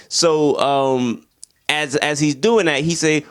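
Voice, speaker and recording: A man's voice: fairly high pitch, measured pace. A man giving a casual, slangy film review, acting out the scenes as he retells them. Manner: animated, slangy, acts out scenes in voices.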